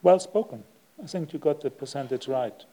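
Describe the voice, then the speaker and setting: Monk giving a sermon, mellow male voice, slow and reflective with long pauses. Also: medium pitch. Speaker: Buddhist monk giving a Dhamma talk. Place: monastery hall.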